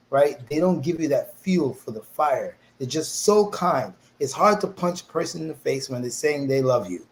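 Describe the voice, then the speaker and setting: Animated New man telling his story. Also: on the high side, slight background noise, low-quality recording. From New York, USA. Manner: animated storyteller who acts out quoted voices. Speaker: interview guest. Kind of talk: casual storytelling interview.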